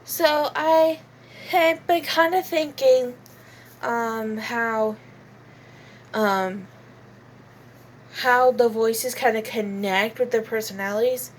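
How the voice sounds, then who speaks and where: With a little hiss or hum in the background, a woman speaks slowly in a slightly high voice, pausing often. She's a channel host casually demoing voice acting, explaining how she voices game characters in a hesitant, giggly way full of fillers.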